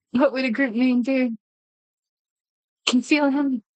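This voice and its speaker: A woman's voice: high-pitched, no echo, rough recording. A woman streamer chatting casually with her viewers, rambling, swearing freely and often breaking off mid-sentence. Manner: rambling, profane, self-interrupting. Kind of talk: casual livestream chat with viewers.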